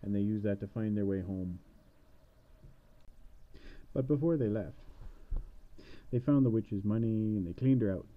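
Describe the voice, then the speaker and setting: A man's voice: fairly low pitch, a little slow, pauses often. A man retelling a fairy tale casually, rambling with sarcastic asides, on a dull lo-fi recording. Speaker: storyteller.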